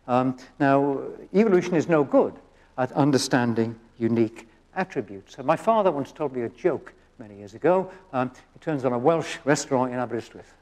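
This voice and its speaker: A man's voice: mid-range voice, expressive, a little fast, a little mellow. An older man, a genetics professor, giving a conversational public science lecture, often restarting phrases and checking in with "okay?".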